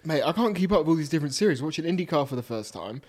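A man co-hosting a casual sports podcast, chatty and quick to laugh, with a slight lisp. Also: fairly high pitch, animated, a little mellow. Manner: chatty, laughs often, repeats words. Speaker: podcast co-host. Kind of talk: casual chat.

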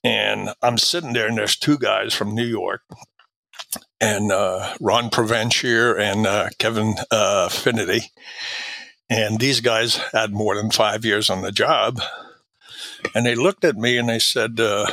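A man's voice: on the low side, fairly even intonation, unhurried, vocal fry, sharp tone, no echo. An older man from Quebec, a guest in an interview, telling long anecdotes with many fillers and acting out quoted dialogue. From Quebec, Canada. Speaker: guest, retired drug agent. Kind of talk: storytelling interview.

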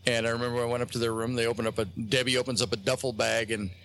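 A man, a guest on a talk show, telling a rambling personal story with many pauses and restarts, acting out the lines of the people in it. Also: medium pitch, little pitch movement, a bit bright. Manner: halting, many fillers and restarts, acts out quotes.

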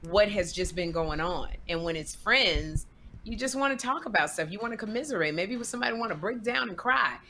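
A woman co-hosting a talk show in casual, animated chat, often laughing. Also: mid-range voice. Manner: animated, chatty, quick to laugh. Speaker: co-host.

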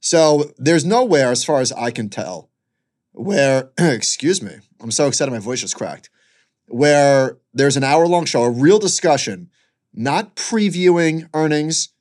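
A man's voice: mid-range voice, darkish tone. Brief: male podcast co-host, laid-back finance chat, dry quips, short answers.

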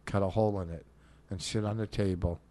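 A man's voice: low voice, steady tone, a little fast, warm tone. A man hosting a podcast, teasing and goading his co-host crudely. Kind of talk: casual comedic chat.

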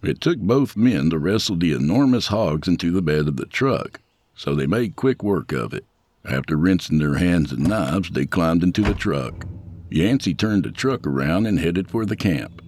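A man narrating an audiobook thriller in an expressive storytelling manner, voicing all the characters. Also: deep voice, normal speed, a little hiss or hum. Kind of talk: scripted narration.

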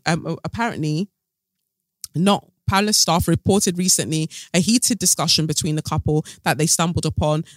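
A man's voice: on the high side, fairly bright tone, dry recording. A man hosting a podcast, chatting through celebrity gossip with sassy, sarcastic asides. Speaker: podcast host. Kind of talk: casual gossip commentary.

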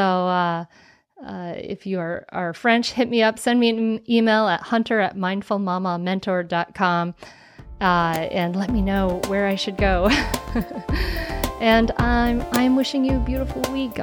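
A woman's voice: mid-range voice, steady tone, measured pace, soft background music. A woman hosting a podcast, speaking in an earnest, heartfelt way. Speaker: podcast host. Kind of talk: podcast interview and outro.

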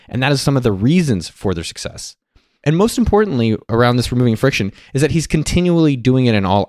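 A man telling a story and sharing advice in a casual monologue, animated and acting out the people he quotes. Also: medium pitch, no room sound, studio quality. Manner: animated, quotes others in lively put-on voices.

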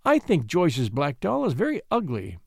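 A man's voice: on the high side, wildly swooping pitch, moderate pace, creaky, breathy edge, no room sound, studio quality, exaggerated voice. A man voicing a pretty, spoiled little girl who speaks smugly.

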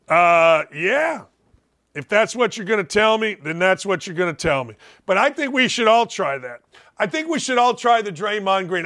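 A high-voiced older man ranting on a sports talk show. He mocks loudly and then sinks into slow, low asides to drive a point home. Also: big pitch swings. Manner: loud, mocking, dips low and drawn out for emphasis. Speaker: radio sports host. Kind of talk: opinionated sports talk rant.

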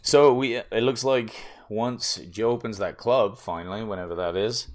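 A man's voice: fairly low pitch, fairly even intonation, normal speed. A young man co-hosting a podcast, chatting casually and enthusiastically about comedy and workouts. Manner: easygoing, enthusiastic storyteller. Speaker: podcast co-host.

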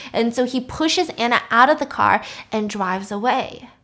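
A woman's voice: on the high side, moderate pace, few pauses. Chatty woman retelling a story. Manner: animated, chatty, laughs often. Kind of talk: casual story recap.

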